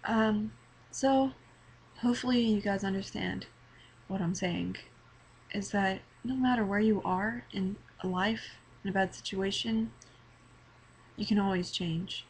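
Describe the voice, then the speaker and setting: A teenage girl giving an earnest, halting personal testimony to her webcam, emotional and near tears, often repeating words. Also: mid-range voice, slight background noise, poor audio. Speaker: vlogger. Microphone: webcam mic.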